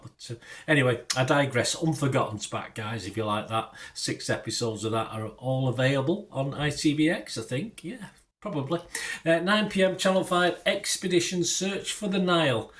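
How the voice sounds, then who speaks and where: A middle-aged British man rambling casually through the week's TV listings, with digressions and chatty asides. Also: mid-range voice. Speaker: TV listings reviewer. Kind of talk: casual TV guide chat.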